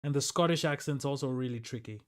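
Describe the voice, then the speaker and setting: A man hosts a live stream and chats easily with the viewers watching. His voice is smooth and clear, sitting at an ordinary middle pitch. He talks in a loose, rambling way, answering whatever comes up in chat. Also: quick pace. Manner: loose and chatty, reads and answers chat aloud. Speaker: livestreamer.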